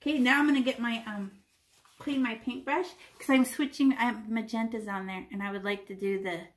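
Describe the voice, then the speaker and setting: A woman's voice: fairly high pitch, steady tone, a little fast. Playful woman teaching kids to paint. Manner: chatty and playful, with sound effects and little voices. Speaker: art teacher. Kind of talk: step-by-step painting lesson for children.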